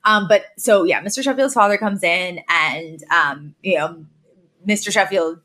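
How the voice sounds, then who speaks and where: A woman's voice: lowish voice, measured pace, pushed and bright. A woman co-hosting a podcast, chatting casually with lots of fillers as she recaps a sitcom episode. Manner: chatty, lots of fillers, acts out quoted lines. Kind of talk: casual chat.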